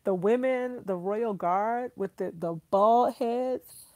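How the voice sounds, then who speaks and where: A woman's voice: a little high, slow, a little mellow, no echo. A woman hosting a casual live stream, chatting effusively, laughing often and reading out viewer comments.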